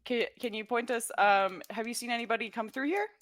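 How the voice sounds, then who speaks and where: A woman's voice: a little high, brisk, a bit bright, voice pushed up, lightly acted. A woman playing an overconfident male bard who speaks with grand, courteous politeness.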